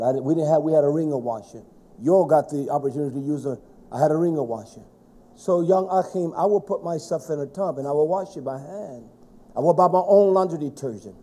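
A middle-aged man preaching a stern, scolding sermon to a congregation, rising to shouts at times. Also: fairly high pitch.

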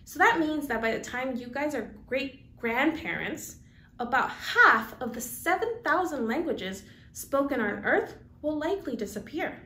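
Lively high-voiced woman teaching kids. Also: a little slow. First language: Spanish. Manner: upbeat, leads call-and-repeat. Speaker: school news segment presenter. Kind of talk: teaching language to children. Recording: echoey room.

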